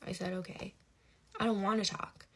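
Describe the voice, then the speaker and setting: A woman telling a personal story in a casual, animated and exasperated way. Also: medium pitch, moderate pace, breathy edge.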